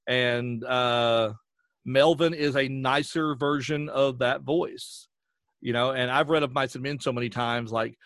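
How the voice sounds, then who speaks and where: A voice actor from western North Carolina with a Southern Appalachian accent chats casually as a podcast guest, animatedly acting out voices as he tells stories. His mid-range voice is unhurried, and the studio-quality recording has no room sound.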